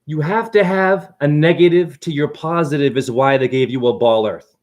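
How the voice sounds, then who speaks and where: A man rambling excitedly and preachily through a livestream monologue from his apartment, jumping from idea to idea. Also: on the high side, moderate pace, dull audio. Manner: excitable, preachy, jumps between ideas. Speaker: self-styled spiritual teacher.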